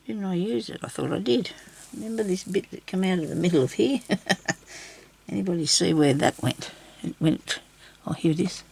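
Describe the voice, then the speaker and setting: Working at her craft table, an Australian woman gives a relaxed craft tutorial as the video's host. Her fairly low voice is creaky with a breathy edge. She wanders off topic and mutters to herself while crafting.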